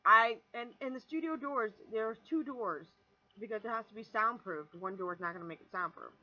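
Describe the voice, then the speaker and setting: A young woman in her twenties telling a rambling, animated story on her vlog, swearing freely and restarting sentences as she goes. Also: fairly high pitch, moderate pace, lo-fi sound. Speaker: vlogger.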